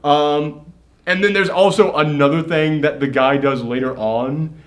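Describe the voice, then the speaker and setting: Young male co-host, excitable, profane, fairly high voice, casual review banter. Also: a little slow. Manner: excitable, swears freely, acts out quotes. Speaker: co-host of a movie review show. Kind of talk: casual movie review chat.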